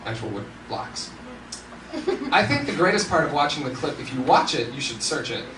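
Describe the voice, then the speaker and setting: A young man doing stand-up comedy in a large hall, animated and laughing often, with bursts of shouting. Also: mid-range voice, normal speed. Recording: roomy hall, distant mic, noisy.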